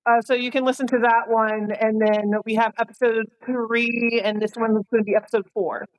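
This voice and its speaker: Higher-pitched woman, casual podcast chat. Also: level tone, fairly quick, no room sound, muffled recording. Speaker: podcast guest.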